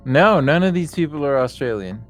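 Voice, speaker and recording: A man's voice: a little high, animated, normal speed, soft background music. A man chatting casually on a game stream, joking and swearing freely with frequent laughs. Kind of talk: casual chat.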